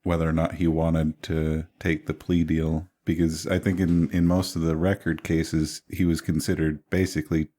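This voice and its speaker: A man playing a tabletop horror game, measured and asking careful questions, over an online call. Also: extremely low pitch, flat delivery, mellow. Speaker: player.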